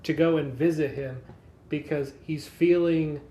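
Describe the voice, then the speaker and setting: A podcast co-host in casual chat, calmly explaining plots in detail. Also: medium pitch, measured pace, echoey room.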